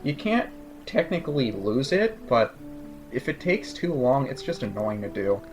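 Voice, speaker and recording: A man's voice: medium pitch, very animated, measured pace, music in the background. A man giving casual, sarcastic commentary over a video game playthrough. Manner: sarcastic, joking asides. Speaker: let's play commentator.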